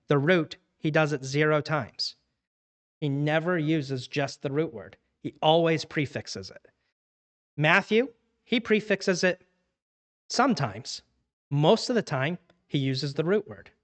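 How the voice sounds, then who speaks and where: A man's voice: fairly high pitch, fairly bright tone. A man teaching a church Bible class in a casual, conversational way, acting out everyday dialogue to make his points.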